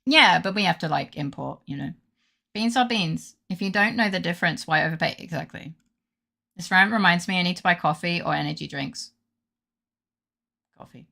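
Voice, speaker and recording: Gravelly, bright-toned woman streamer ranting. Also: fairly low pitch, moderate pace, long pauses. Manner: rambling, swears freely, rants. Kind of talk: casual gaming stream chat.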